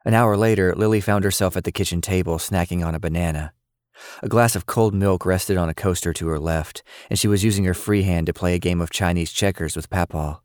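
A man with a very low, deep voice reads a scripted audio story in a steady, even way. The recording is dry and close-miked, with no room echo. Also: a little fast. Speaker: narrator.

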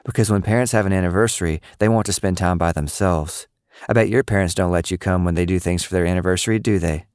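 A patient, good-humored young mother who fields a child's questions with calm, deadpan amusement, as read by a man. It stays close to his own smooth, low reading voice, only slightly lifted. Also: quick pace, dry recording, natural voice. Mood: amused.

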